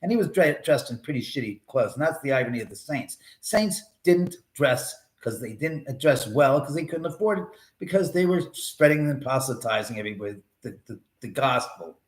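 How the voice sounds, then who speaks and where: A man's voice: mid-range voice, lively intonation, fairly quick, few pauses. A man hosting a live stream from his home, telling a rambling, profane story in a casual way. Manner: rambling, profane, restarts often. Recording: roomy echo.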